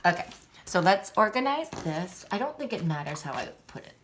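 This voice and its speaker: Animated woman teaching a playful lesson. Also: mid-range voice, fairly quick, a little hiss or hum. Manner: animated, laughs often, teasing. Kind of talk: playful classroom lesson video.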